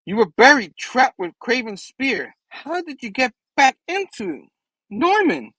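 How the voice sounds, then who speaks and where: A man reading as a young superhero under strain, sounding earnest and tense, a bit higher than his usual voice. His lines go up and down a lot, and the sound is dry and close. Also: sing-song, measured pace, pushed and bright, husky, dry recording, full character voice. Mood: defiant.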